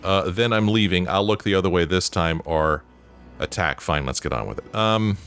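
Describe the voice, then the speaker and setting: A man's voice: deep voice, moderate pace, fairly bright tone, soft background music. A man giving casual, joking commentary while playing a game and reading its dialogue aloud. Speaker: let's play host.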